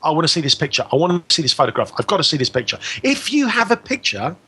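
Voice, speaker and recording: A man's voice: fairly high pitch, sing-song, fast, bright, forceful tone, husky. A man telling a personal story as a guest on a radio talk show, acting out both sides of the exchange.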